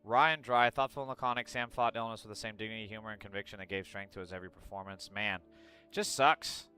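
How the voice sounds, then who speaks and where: Man, streamer, casual livestream chat, blunt and profane, bright voice, faint music behind. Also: on the low side, fast talker, smooth. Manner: blunt, profane and chatty, reacts aloud while reading news.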